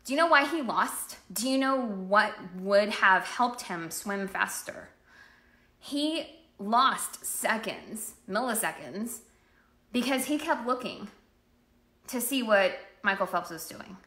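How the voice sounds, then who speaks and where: A woman giving a chatty, animated live-streamed motivational talk as a network marketing coach, acting out people's inner voices. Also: medium pitch, slow pace, reverberant.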